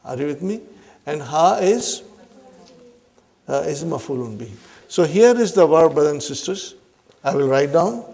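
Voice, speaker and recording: A man's voice: a little high, expressive, normal speed, pauses often, warm tone. A man teaching an Arabic grammar lesson to a class, who keeps asking questions and checking in with "huh?".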